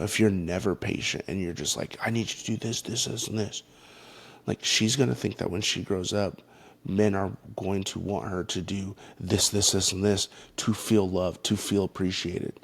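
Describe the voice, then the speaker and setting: Male podcast host, deep gravelly voice, slow and earnest, faith-based parenting talk. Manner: earnest, halting, frequent restarts.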